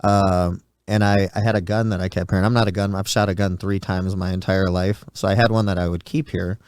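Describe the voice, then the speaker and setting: A man's voice: low voice, little pitch movement, a little fast, a little mellow, clear, resonant tone, no echo. A podcast host in his forties telling a story in a rambling, casual way and acting out the voices of people he quotes. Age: 40s. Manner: rambling, acts out quoted dialogue.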